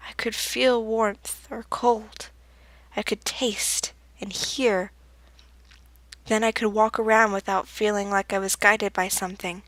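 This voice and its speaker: Slow soft-spoken woman narrator. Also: mid-range voice, dry recording. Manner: slow, soft-spoken, often dropping to a whisper. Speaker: fanfiction reader. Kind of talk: first-person storybook narration.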